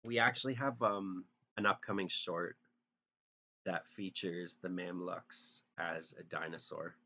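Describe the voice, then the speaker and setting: A man's voice: low-pitched, fairly even intonation, a little slow, bright, forceful tone, a little hiss or hum. A man casually chatting with viewers while drawing on a live stream, joking and thinking aloud in a self-deprecating way.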